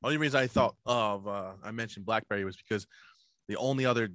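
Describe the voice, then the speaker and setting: A man co-hosting a podcast, telling stories in casual chat with lots of swearing, jumping his voice up high when he acts out what people said. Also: quick pace, a bit bright, no room sound, studio quality. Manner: profane storytelling, acts out quoted people in a raised voice. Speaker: podcast co-host.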